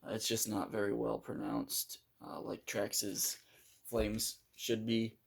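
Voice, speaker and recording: Gravelly-voiced man reviewing a toy. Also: on the low side, very animated, slow pace. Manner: hesitant, many fillers and restarts while handling the toy. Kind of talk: casual unscripted review.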